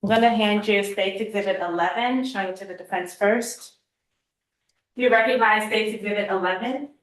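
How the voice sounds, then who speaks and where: A woman prosecutor questioning a witness in a courtroom, formal and measured. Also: mid-range voice. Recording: echoey courtroom.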